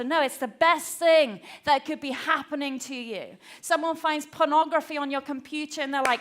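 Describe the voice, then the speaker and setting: High-voiced woman preaching earnestly. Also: moderate pace, few pauses. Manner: earnest, conversational, acts out quoted voices, drops to soft hushed passages. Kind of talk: sermon. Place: church.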